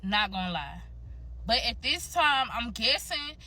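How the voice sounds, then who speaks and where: A woman's voice: on the high side, very animated, measured pace, bright, forceful tone. A young woman casually telling a personal story straight to her viewers, candid, chatty and profane.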